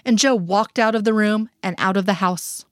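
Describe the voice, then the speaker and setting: A woman reading a first-person story aloud in a measured, even narration. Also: medium pitch, no room sound, studio quality. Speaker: reader.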